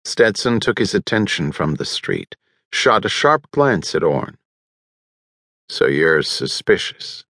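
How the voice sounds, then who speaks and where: A man narrating an audiobook in an even, measured storytelling manner on a close studio mic. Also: on the low side, creaky, husky, no room sound. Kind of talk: scripted narration.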